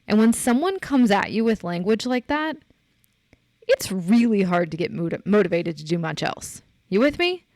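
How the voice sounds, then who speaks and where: A woman's voice: medium pitch, sing-song, normal speed, darkish tone, no echo. A woman hosting a podcast, talking in an encouraging, conversational coaching style and leaning hard into the points she stresses. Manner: emphatic, encouraging, rises sharply when making a point. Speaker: podcast host.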